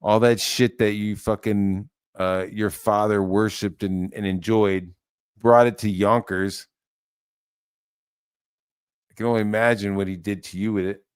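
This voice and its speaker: A man with a lowish, smooth and resonant voice rants on camera in heated commentary. He swears constantly and mocks his target without letup. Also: flat delivery, measured pace, pauses often. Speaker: online commentator. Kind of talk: profane rant commentary.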